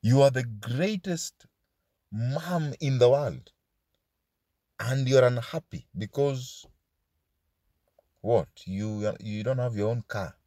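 A man's voice: mid-range voice, slow, pauses often, dark tone, dry recording, studio quality. A man preaching a sermon as pastor, asking his listeners question after question and dropping into Swahili asides.

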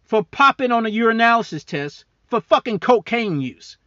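A man's voice: very high voice, expressive, normal speed, sharp tone, no echo, dull audio. A man hosting a podcast, ranting angrily about politics with heavy profanity and mocking asides; he talks as a serving military member. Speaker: podcast host. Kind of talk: angry political rant.

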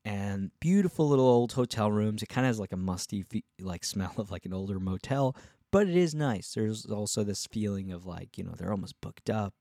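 A young man with a low voice, recorded close and dry, tells a casual road story. He rambles, restarts his sentences often and acts out the lines of the people he met. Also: animated, fairly quick, mellow, no echo. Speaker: touring musician and podcast host.

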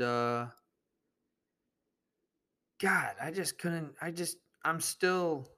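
A man's voice: fairly high pitch, bright, forceful tone. A young man hosting a podcast, telling a rambling, profane story in a laid-back, casual monologue. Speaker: podcast host.

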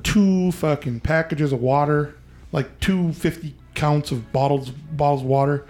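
Animated, profane man telling a story. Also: fairly high pitch, a little slow, soft background music. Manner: profane, animated, acts out quoted voices. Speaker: podcast host. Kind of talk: casual storytelling.

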